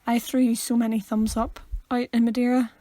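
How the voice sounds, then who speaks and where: An animated young woman co-hosts a podcast, speaking in a fairly high voice. The recording is dry and close, with no room sound at all. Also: a little fast, no room sound. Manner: animated, bursts into silly quote voices. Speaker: podcast co-host. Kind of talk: casual chat.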